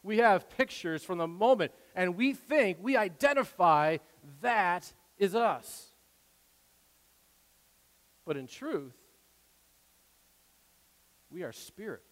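A man preaching a sermon, excitable, swinging from loud declarations to quiet asides. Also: high-pitched, slow pace, pauses often. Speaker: pastor. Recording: long hall reverb.

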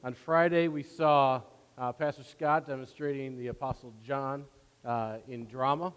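A man's voice: mid-range voice, fairly even intonation, unhurried, smooth, long reverb tail. A man preaching a sermon as pastor, casual and full of fillers, building in force.

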